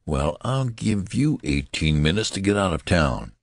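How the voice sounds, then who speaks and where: A man's voice: low-pitched, very animated, a little slow, dry recording, clean studio sound, full character voice. A man voicing a stern, irritable older college registrar who talks in a curt, scolding way, in an audiobook.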